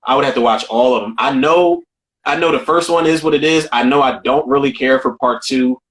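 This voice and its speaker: A man co-hosting a casual film podcast, talking in an animated, profane way and repeating himself as he riffs. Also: mid-range voice, fairly quick. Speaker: podcast co-host.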